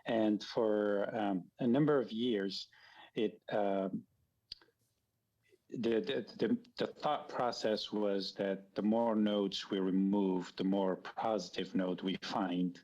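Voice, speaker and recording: A man guest surgeon on a video call, explaining research in a measured, careful way. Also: lowish voice, steady tone, darkish tone. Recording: dull video-call audio.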